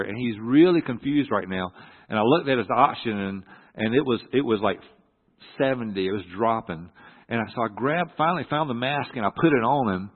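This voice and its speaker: A middle-aged man telling a personal story from the pulpit, halting and earnest with many restarts. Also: fairly low pitch. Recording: echoey hall through a phone-like line.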